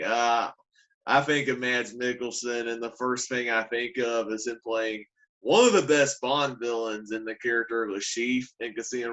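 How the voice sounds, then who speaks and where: A man's voice: medium pitch, fairly bright tone. Easygoing man on a podcast. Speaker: podcast co-host. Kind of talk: casual movie review chat.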